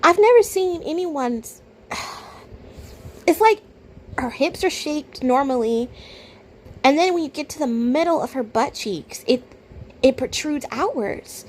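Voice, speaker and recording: A woman with a high, bright-pitched voice reacts to a video in casual, blunt commentary. She sounds incredulous, dropping to low mutters and then bursting out loud. A faint hiss sits under her voice. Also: lively intonation, slow, pauses often.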